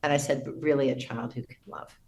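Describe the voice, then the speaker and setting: A middle-aged woman, a podcast guest, telling a personal story in an earnest, reverent way with soft restarts. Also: a bass voice, steady tone, brisk, slight background noise, low-quality recording.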